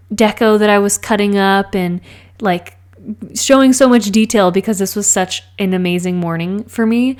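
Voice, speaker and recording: Chatty young woman gushing as a vlogger. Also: mid-range voice. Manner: chatty, gushing, many fillers. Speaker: planner vlogger. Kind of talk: casual vlog voice-over.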